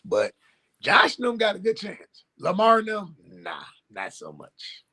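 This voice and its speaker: Animated husky-voiced man arguing sports. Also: high-pitched, a little slow. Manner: emphatic, blunt, animated. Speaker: sports talk co-host. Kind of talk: casual sports debate.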